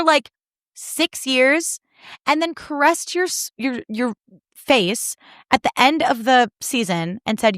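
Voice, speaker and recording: A young woman hosting a solo podcast, recapping reality TV in animated, indignant, sarcastic talk with plenty of swearing. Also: sits high, slow pace, dry recording, clean studio sound. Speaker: podcast host.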